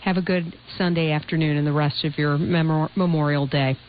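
Low-voiced woman radio host. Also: steady tone, a little fast. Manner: warm, attentive, smooth host patter. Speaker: radio talk show host. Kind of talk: talk radio hosting. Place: radio studio. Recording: dull radio broadcast with faint noise.

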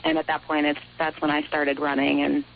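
A woman calls in to a radio show and recalls a memory haltingly and reflectively, leaning on slow pauses. She is heard over a narrow, phone-like line with a faint hiss. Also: low-pitched, monotone, creaky. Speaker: caller. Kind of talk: call-in recollection.

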